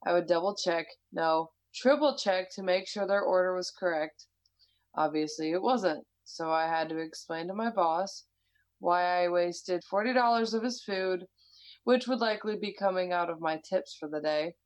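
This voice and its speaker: A woman's voice: fairly low pitch, moderate pace, poor audio. A woman with an American accent, casually chatting and reading a listener's story aloud, laughing often and swearing freely. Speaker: podcast co-host.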